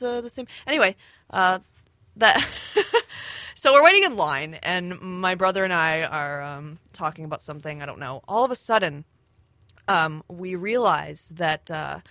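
A woman telling a rambling story in casual chat, laughing often and filling pauses with ums. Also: fairly low pitch, sharp tone, dry recording. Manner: giggly, rambling with many fillers. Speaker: storyteller on a podcast.

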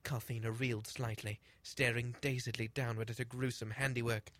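A man's voice: medium pitch, flat delivery, moderate pace, fairly bright tone, no room sound. A man doing a comic dramatic reading of a fantasy story, theatrical and stopping to comment. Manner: theatrical, breaks off to comment and laugh.

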